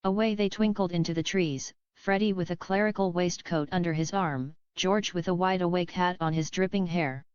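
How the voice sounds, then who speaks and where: A woman reading a classic novel aloud as scripted narration, in a measured way. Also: lowish voice, fairly even intonation, a little mellow, clean tone, no room sound, lo-fi sound. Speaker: audiobook reader.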